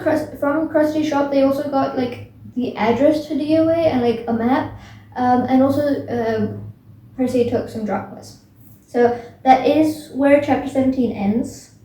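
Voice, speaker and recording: A woman's voice: sits high, measured pace, mellow. A young woman casually retelling a book's plot, rambling with many fillers and restarts. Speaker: book recap vlogger. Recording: echoey room, voice from a distance.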